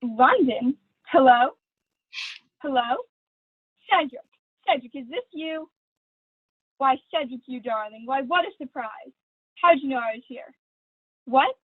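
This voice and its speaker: Teen girl doing a gushy fake-sweet actress diva, high voice, tinny dry zoom audio. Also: a little slow, pauses often, husky, dry recording. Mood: gushing. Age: teens. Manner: theatrical, affected, honeyed. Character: vain, gushing glamorous stage actress, woman. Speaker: student actor. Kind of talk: school play read over video call. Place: at home. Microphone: video call.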